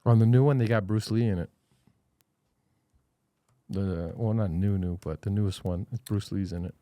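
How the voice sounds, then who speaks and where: A man's voice: fairly low pitch, normal speed, dark tone, dry recording. A man in his thirties, a podcast co-host, chatting casually and telling stories about his kids with acted-out voices. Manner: storytelling, acts out his kids' voices. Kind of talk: casual chat.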